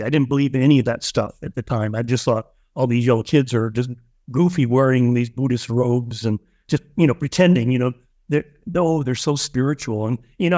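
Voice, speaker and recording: A man's voice: mid-range voice, darkish tone. A man, a spiritual teacher, telling a personal story as an interview guest, earnest and emotional, often restarting his sentences.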